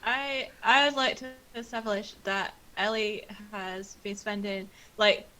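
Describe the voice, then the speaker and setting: A woman's voice: medium pitch, unhurried, bright, forceful tone, rough recording. A woman playing a tabletop game, chatting casually with lots of fillers and giggles. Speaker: player.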